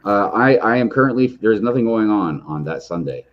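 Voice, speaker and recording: Host type, man, very low voice, animated and loud when excited, slightly dull lo-fi audio. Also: brisk. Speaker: streamer host. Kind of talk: casual chat on a livestream.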